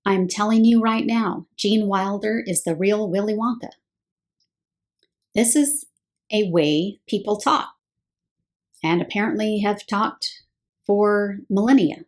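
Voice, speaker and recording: A woman's voice: medium pitch, slow, long pauses. A woman giving a scripted Bible teaching talk, explaining step by step and posing rhetorical questions.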